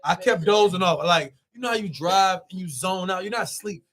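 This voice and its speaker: A young man telling a road story in casual, animated talk, swearing as he goes. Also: sits high. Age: young adult. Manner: animated, swearing, quick rambling with loud swings. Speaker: guest.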